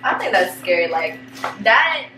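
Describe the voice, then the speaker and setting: A woman's voice: medium pitch, very animated, a little slow, echoey room, recorded from a distance, over music. A woman chatting along as co-host, adding supportive comments while she helps in the kitchen. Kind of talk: casual chat. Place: home kitchen.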